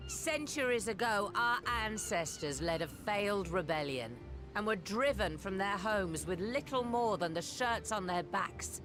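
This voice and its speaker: An actress delivers a commanding woman admiral from a video game, measured and formal. She speaks over a clear bed of game music. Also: mid-range voice, lively intonation, lightly acted. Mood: solemn. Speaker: fleet admiral and head of state. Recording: game audio with music underneath.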